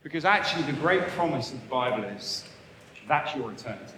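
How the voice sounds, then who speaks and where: Man preaching, fairly high voice, earnest, emphatic, heavy echo, long hall reverb. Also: fairly bright tone, slight background noise. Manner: earnest, emphatic, repeats short phrases. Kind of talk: sermon. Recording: echoey hall, faint ambience.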